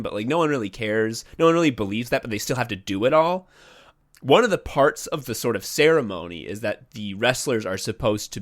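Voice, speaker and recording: A man co-hosting a podcast, telling stories in casual, profane, animated chat. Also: fairly low pitch. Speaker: podcast co-host. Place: separate rooms from co-host.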